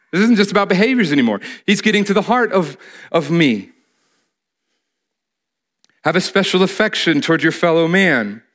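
A man's voice: a little high, a bit bright. Earnest male preacher. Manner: earnest, repeats key phrases for emphasis. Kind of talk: sermon.

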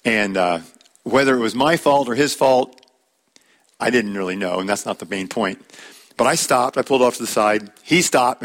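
Middle-aged man, mid-pitched, plain-spoken Bible study leader with a folksy, anecdotal delivery. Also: a bit bright. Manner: plain-spoken, calls on listeners by name to read verses; folksy, tells personal anecdotes with light laughs. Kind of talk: conversational Bible teaching.

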